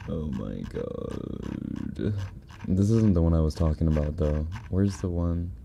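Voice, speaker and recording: A man chatting on a live ASMR stream, keeping his voice soft while giggles keep breaking through. His speech is slow and mellow yet swoops widely in pitch. He is recorded close on a binaural microphone with a faint hum behind. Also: gravelly. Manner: giggly, breaks into laughter, talks softly. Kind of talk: casual live-stream chat reacting to clips.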